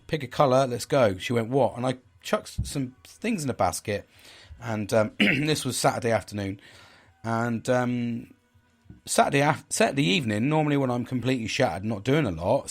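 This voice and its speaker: A middle-aged man talks in a rambling, candid way, stumbling over his words and restarting often. He swears freely and laughs at himself. His voice sits at an ordinary pitch for a man. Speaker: podcast host. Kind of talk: casual chat.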